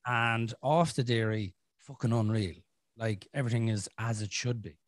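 A man's voice: fairly low pitch, fairly even intonation, normal speed, no echo. Sweary Irish man in casual chat. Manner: rambling, frank and sweary, with many restarts. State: clearing his throat from a chest infection. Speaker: podcast host.

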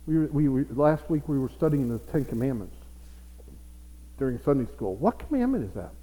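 A man's voice: medium pitch, very animated, normal speed, dark tone. A man preaching a sermon as pastor, with playful asides to his congregation. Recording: reverberant hall.

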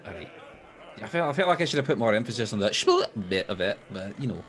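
Low, lively-voiced man role-playing at a table. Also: quick pace. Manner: playful, lots of asides and restarts. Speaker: tabletop game player. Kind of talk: in-character tabletop role-play.

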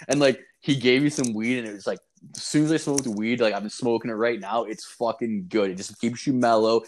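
A man's voice: medium pitch, fairly even intonation, a little fast, a little hiss or hum. A man telling a rambling, profane story in casual chat, filling it with "like" and "dude".

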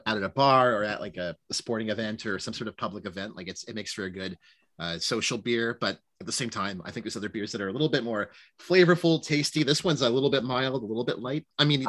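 A young man from Canada co-hosting a casual beer review, chatty and animated. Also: lowish voice. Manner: chatty, animated, laughs easily. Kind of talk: casual chat.

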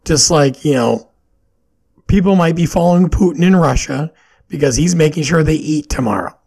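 A man's voice: fairly high pitch, normal speed, creaky, a little mellow, breathy edge. A man hosting a solo podcast, talking through his opinions in a questioning, rambling way with plenty of fillers. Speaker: podcast host.

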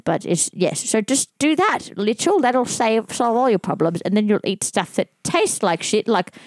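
A woman's voice: a little high, animated, normal speed, dry recording. A woman hosts a casual comedy podcast. She rambles through her stories and giggles often. Her voice is dry and close to the mic. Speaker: podcast host.

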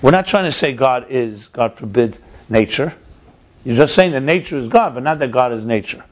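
A man's voice: mid-range voice, expressive, normal speed. A man explaining ideas in a conversational teaching style, emphatic and repeating his key points. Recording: dull lo-fi recording.

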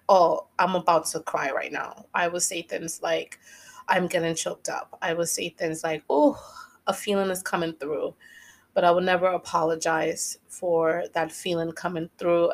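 A woman hosting a podcast, talking earnestly and reflectively on her own, stressing key phrases by repeating them, and at times slowly guiding listeners through breathing. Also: on the low side. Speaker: podcast host. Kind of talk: reflective solo podcast monologue.

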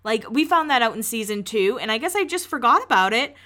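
A woman's voice: fairly high pitch, lively intonation, a little fast, bright, forceful tone. A young woman hosting a podcast, recapping a reality show in chatty, gossipy talk full of "like" and casual swearing.

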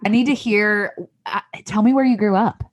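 A woman's voice: mid-range voice, fairly even intonation, moderate pace, no echo. A woman with a Southern American accent hosting a faith podcast, gushing and effusive with her guest. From Tennessee, US. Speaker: podcast host.

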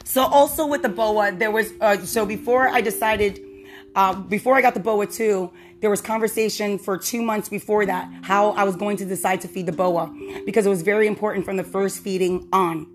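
A woman's voice: mid-range voice, steady tone, normal speed, a little hiss or hum. A young adult woman hosting a podcast, chatting casually and telling a story, laughing often and acting out the voices she quotes. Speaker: podcast host. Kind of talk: casual chat.

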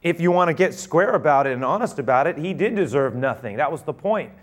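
A man preaching a sermon, retelling a story and acting out its dialogue with rising excitement. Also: fairly high pitch, quick pace.

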